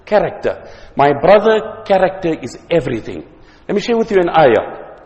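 A man's voice: a little high, big pitch swings, moderate pace, a little mellow, in a large hall, lo-fi sound. A South African man giving a religious lecture, telling stories and jokes and often repeating words as he goes. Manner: anecdotal, joking, with repeated words. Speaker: Islamic preacher.

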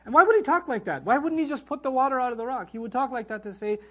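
A man with a high, light voice delivers a religious lecture at a quick clip. He is animated and rhetorical, firing off questions and weaving Arabic verses into his explanations as a Quran teacher.

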